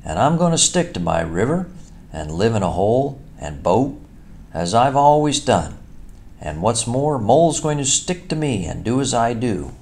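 A man's voice: medium pitch, big pitch swings, normal speed, darkish tone, slight background noise, voice pushed up. A man voicing a wary, stubborn male water rat in a storybook reading, with a dry, dogged manner. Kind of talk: storybook character voice.

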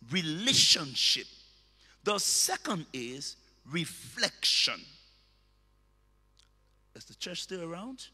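A man preaching a sermon, emphatic and repetitive, bursting into shouted words. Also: high voice, in a large hall. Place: church hall.

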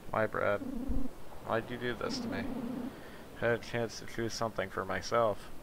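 Man reading as a bitter young woman, creaky and low. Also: flat delivery, normal speed, background noise. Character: bitter young woman confronting her father.

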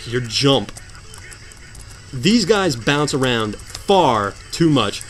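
A man commentating a hard video game, sarcastic and mock-dramatic, swinging from low mutters to sudden outbursts. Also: expressive, slow pace, fairly bright tone, soft background music. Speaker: gameplay commentator. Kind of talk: let's play commentary.

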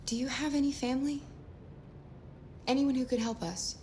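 An actress voicing a gentle, protective female android in a video game, speaking softly and reassuringly. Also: high voice, steady tone, normal speed. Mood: worried.

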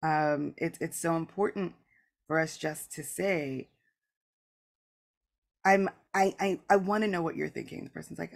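This podcast host talks at normal speed, her lowish voice showing vocal fry. Her spiritual show is candid and reflective, full of casual "like" asides, and she regularly acts out both sides of remembered dialogues.

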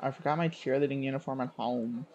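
A sulky teen girl, voiced by a man in a game playthrough. She drawls slowly with a tired, irritated edge. A faint crowd sound sits behind her. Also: mid-range voice, fairly even intonation, a little mellow, muffled recording, slight background noise, close to an everyday voice. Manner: slow, sulky, exasperated. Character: moody, exasperated teen girl.

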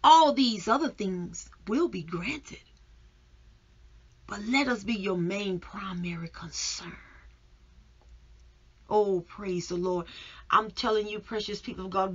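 A woman delivers a devotional sermon at an unhurried pace, her voice husky and slightly breathy. She builds to fervent exclamations, then sinks into near-whispers. The recording sounds dull and lo-fi. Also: medium pitch. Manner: fervent, swings between raised exclamations and hushed whispers. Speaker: minister.

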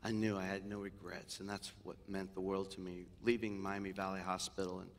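A man, a senior pastor, preaching a sermon in a church, telling stories with humor and moving between loud animated bursts and hushed, tender moments. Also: sits low, brisk. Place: church sanctuary. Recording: long hall reverb in a church.

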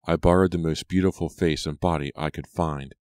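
A man's voice: rumbling low, steady tone, a little fast, darkish tone, no room sound, clean studio sound. A man voicing a vengeful teenage girl who taunts coldly in an audiobook reading. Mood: cold, taunting. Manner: taunting, cold.

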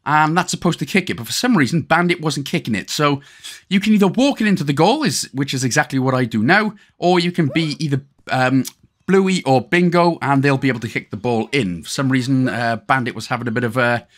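A man's voice: mid-range voice, expressive, fairly quick, a bit bright, faint music behind. A man with a Welsh accent giving a chatty gameplay walkthrough commentary, full of joking asides and casual slang. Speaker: gaming guide host.

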